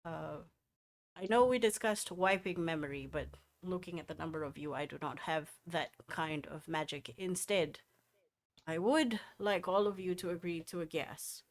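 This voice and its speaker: A woman voicing a composed female leader in a tabletop game, speaking in a measured, formal way. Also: on the low side, natural voice.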